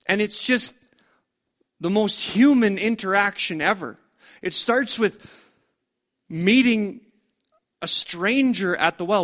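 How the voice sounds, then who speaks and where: A man's voice: high-pitched, takes it slowly, pauses often, a bit bright. A man preaching a storytelling sermon in a conversational way, full of rhetorical questions.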